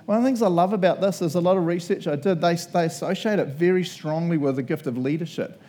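A man's voice: a little high, fast, warm tone. Chatty New man preaching. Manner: chatty, laughing, acts out quotes. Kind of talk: casual sermon.

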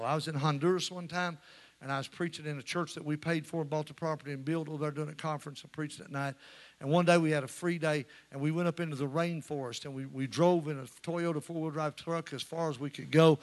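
A man, preaching a sermon and telling stories in a folksy way that rises to shouting. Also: on the high side, fairly even intonation, fast talker. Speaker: pastor. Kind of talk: sermon with storytelling.

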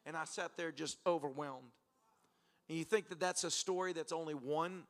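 A male preacher at a church service fills his sermon with stories, laughing often and enacting the exchanges he recounts. He has a fairly high-pitched voice and keeps a moderate pace.

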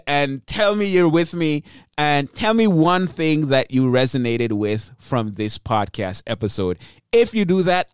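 A man's voice: a little high, smooth, no room sound, studio quality. Upbeat rambling male podcast host. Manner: energetic, rambling, self-interrupting. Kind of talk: solo podcast monologue.

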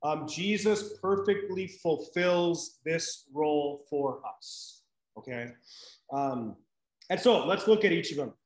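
A man's voice: fairly high pitch, slow, reverberant, rough recording. A man teaching a live Bible class in a conversational way, checking in with "right?" and using many fillers.

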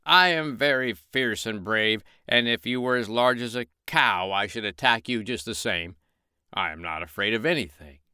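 A man voicing a boastful, strutting male rooster in a storybook reading, bragging loudly and pompously. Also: mid-range voice, normal speed, clear, resonant tone, no echo, clean studio sound.

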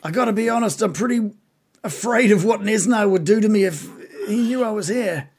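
A man's voice: sits high, fairly quick, darkish tone, slightly rough, voice pushed up. A man voicing a dazed, nervous captured bugbear with a whiny, pleading voice. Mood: fearful. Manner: whiny, pleading, worried about his wife.

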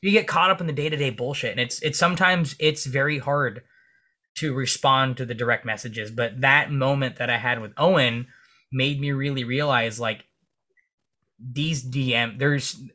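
A man speaking as a police officer and podcast guest. He tells energetic stories in casual interview chat and swears freely. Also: moderate pace. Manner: acts out dialogue in comic high voices.

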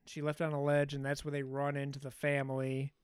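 A man's voice: medium pitch, monotone, quick pace, smooth, no echo, clean studio sound. A man co-hosting a podcast, casually recapping a film in a rambling, profane storytelling way. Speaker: podcast co-host. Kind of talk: casual movie recap chat.

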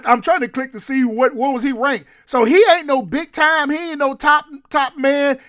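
A man co-hosting a sports radio show, talking in an animated, emphatic, slangy way. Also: very high voice, no room sound, studio quality. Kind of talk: casual sports talk.

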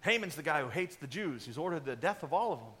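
A man pastor delivering a sermon in an animated storytelling way, acting out the characters. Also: fairly high pitch, fast talker.

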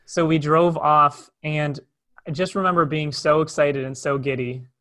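A young man recounts a personal story in a candid, conversational way. His voice is bright and sits a little higher than most men's, with an animated, natural flow. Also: normal speed. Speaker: speaker telling a personal story. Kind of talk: storytelling talk.

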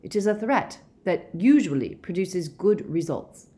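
A woman reading a calm, weary middle-aged werewolf man, measured and gentle in an audiobook. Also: on the low side, voice pushed up.

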